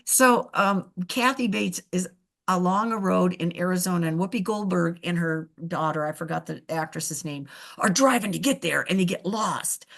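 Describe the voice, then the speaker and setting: A middle-aged woman, a veterinarian guest, telling animated stories in casual chat and often laughing. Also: on the low side, moderate pace, gravelly. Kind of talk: casual storytelling.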